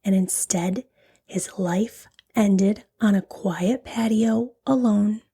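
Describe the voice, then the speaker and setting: A woman hosting a true crime podcast, narrating a case in a dramatic way, dropping into whispers and slowing down on key phrases. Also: mid-range voice, mellow, breathy edge. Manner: dramatic, drops to a whisper for emphasis; slows right down on key phrases.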